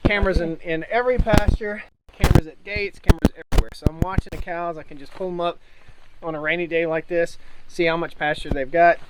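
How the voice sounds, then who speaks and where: A man's voice: fairly high pitch, fairly even intonation, fast talker. A man gives an enthusiastic, explanatory tour of his farm outdoors in the rain. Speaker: farmer. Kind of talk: casual farm tour chat. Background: rain and outdoor noise.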